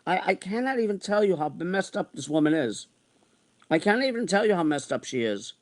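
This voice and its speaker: A man's voice: sits high, sing-song, a little fast. A man in his sixties ranting in a repetitive, exasperated way as he vents in an online monologue. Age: 60s. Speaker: online streamer.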